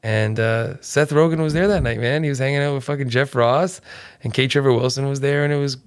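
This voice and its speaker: A man in his thirties, a comedian guest telling animated stories in casual chat, swearing freely and saying "man" and "dude" a lot. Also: mid-range voice, a little fast, clean tone. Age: 30s.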